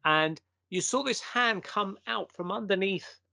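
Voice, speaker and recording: A man's voice: high-pitched, a little slow, vocal fry, pushed and bright, dry recording. A man, a guest telling a story in a casual conversation and acting out the quotes.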